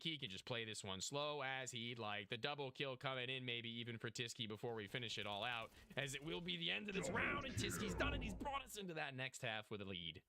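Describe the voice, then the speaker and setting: A man's voice: mid-range voice, bright, forceful tone, dry recording, studio quality. A young man casually commentating a game match, hyped and joking, talking to chat. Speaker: esports caster.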